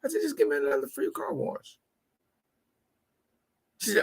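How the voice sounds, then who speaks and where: A man's voice: extremely high pitch, big pitch swings, normal speed, vocal fry. A middle-aged man hosting a business talk show, telling stories in a folksy, preachy way and repeating his key phrases. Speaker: host.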